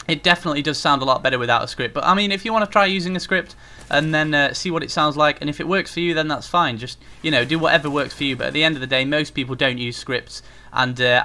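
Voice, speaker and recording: A man's voice: on the high side, sharp tone. A young man giving casual, rambling tips on gaming commentary, with frequent fillers, as a YouTuber talking to his viewers. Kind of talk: casual spoken tutorial.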